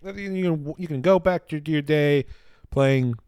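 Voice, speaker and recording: A man's voice: fairly high pitch, clear, resonant tone, no echo, clean studio sound. A man hosting a podcast, chatting casually and animatedly, swearing now and then. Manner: fast, animated talker with swearing and laughs. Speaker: podcast host; library security worker. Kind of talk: casual chat.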